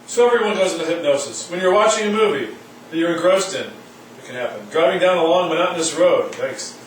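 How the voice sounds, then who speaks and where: A man's voice: fairly high pitch, lively intonation, fairly quick, a little hiss or hum. A man giving a college lecture, reading aloud and adding wry comments. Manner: reads aloud and comments wryly. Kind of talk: classroom lecture. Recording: echoey room from far off.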